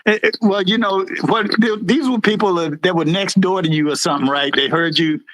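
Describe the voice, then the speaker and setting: A middle-aged man talks as a guest in a rambling, easygoing way and keeps circling back with "you know". His voice is fairly high, and the recording is close and dry, with no room sound. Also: a little fast, a bit bright, no echo, low-quality recording. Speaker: guest, former supervisor. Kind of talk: casual reminiscing interview.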